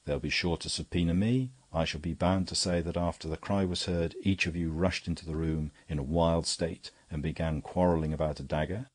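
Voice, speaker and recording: A man reading as Father Brown, a quiet little priest. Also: low-pitched, dry recording. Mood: grave warning. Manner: quiet, calm and measured. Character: small quiet male priest detective.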